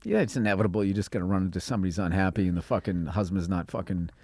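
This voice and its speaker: Guy telling old job stories on a podcast, swears a lot, does loud goofy voices, dry close mic. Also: sits low, racing, dry recording. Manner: animated, swears freely, acts out quoted voices loudly. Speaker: comedian guest. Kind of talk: casual storytelling chat.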